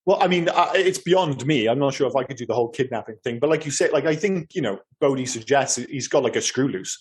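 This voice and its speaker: A man's voice: mid-range voice, fast. A man co-hosting a podcast, chatting casually about films in an enthusiastic, rambling, effusive way. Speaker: podcast co-host. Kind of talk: casual film chat.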